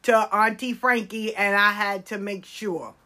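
A woman's voice: medium pitch, fairly even intonation, a little slow, pushed and bright. A woman doing a bossy five-year-old girl. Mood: insistent. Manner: insistent, scolding.

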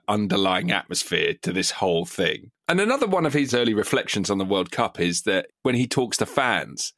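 Man in podcast chat, varied expressive pitch, dry close recording, easygoing storyteller. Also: dry recording. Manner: conversational, recounting scenes. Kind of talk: casual chat.

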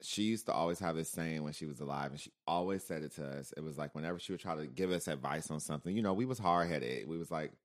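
A man's voice: very deep voice, fast, few pauses. A man in casual conversation, telling family stories and acting out the voices of the people he quotes. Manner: animated storyteller who acts out quoted relatives. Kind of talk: casual chat.

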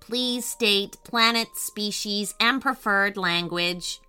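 A woman voicing a polite diner robot waiter in a slow, measured, formal storybook voice. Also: medium pitch, sharp tone, smooth, faint music behind.

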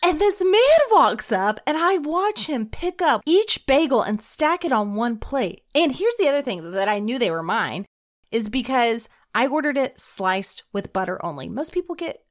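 A woman co-hosting a podcast, telling a story in an animated, laughing, breathless way. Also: high voice, normal speed. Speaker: podcast co-host. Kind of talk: casual chat, telling a story.

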